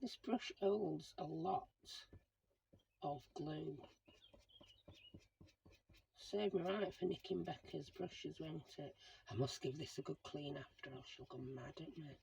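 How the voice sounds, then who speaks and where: A middle-aged woman runs a crafting channel and chats away to herself while working on a project, casually explaining what she does at each step. Her voice sits low and is creaky and dark, slow with long pauses. The rough recording has a little hiss or hum.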